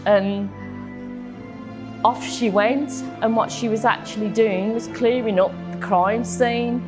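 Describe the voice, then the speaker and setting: Slow, halting woman recounting an ordeal. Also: on the high side, fairly even intonation, soft background music. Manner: emotional, halting storytelling with frequent ums and repeats. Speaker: interviewee telling her own story. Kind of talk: personal testimony in an interview.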